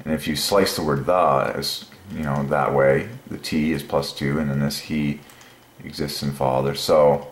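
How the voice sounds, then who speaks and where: Low-voiced guy rambling through an explanation, lots of ums, echoey room, typing behind. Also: level tone, unhurried. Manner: musing, meandering, with many fillers. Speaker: channel host. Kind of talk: thinking-aloud explanation.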